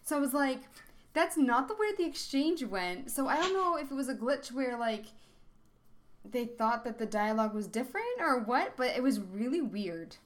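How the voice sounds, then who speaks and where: A woman co-hosting a casual gaming chat, her voice slightly high. She tells stories in a chatty way and acts out her own reactions as she goes. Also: very animated, normal speed, a little hiss or hum.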